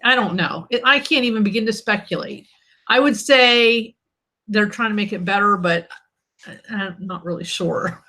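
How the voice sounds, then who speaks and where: A woman hosts her own live stream as an author, chatting casually from her desk mic. Her voice is bright and forward, and she sounds irritated and snarky while laughing things off. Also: mid-range voice.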